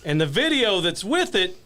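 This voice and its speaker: Animated man telling a long story. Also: high-pitched, measured pace. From United States. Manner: rambling, animated, many fillers, laughs often. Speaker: wrestling commentator, podcast guest. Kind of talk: casual storytelling chat.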